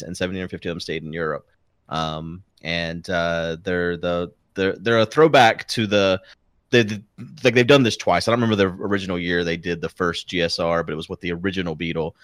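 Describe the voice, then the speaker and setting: A low-pitched man chats as a guest on a podcast. He rambles, restarts his sentences and often chuckles as he goes. His voice sits close and dry on the mic, with no room around it. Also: fairly quick, fairly bright tone, no room sound. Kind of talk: casual chat.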